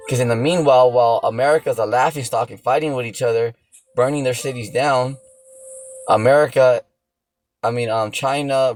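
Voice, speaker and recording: A man delivers an off-the-cuff preaching rant in a blunt, profane way, at an ordinary middle pitch. He peppers his points with "see that?" and "you know?". Soft music plays faintly underneath. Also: low-quality recording. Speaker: religious teacher.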